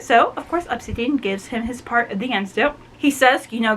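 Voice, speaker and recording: A woman chatting through a book review, animated and full of "like" and "you know". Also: sits high, a little fast, few pauses, low-quality recording. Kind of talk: casual book review vlog.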